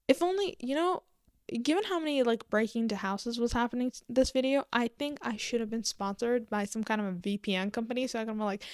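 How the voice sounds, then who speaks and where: A woman's voice: a little high, fast talker, clean tone, no echo, studio quality. Chatty young woman rambling on camera. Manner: rambling, joking, lots of "like" and "um"; mock-panicked outbursts. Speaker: booktok vlogger. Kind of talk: casual chat to camera.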